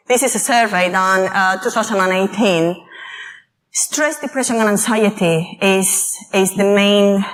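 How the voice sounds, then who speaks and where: A woman giving a conference talk on mental health, telling personal stories in an animated way and acting out quoted voices. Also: mid-range voice, low-quality recording. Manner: lively, animated storytelling with acted-out quotes. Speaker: conference speaker. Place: conference hall.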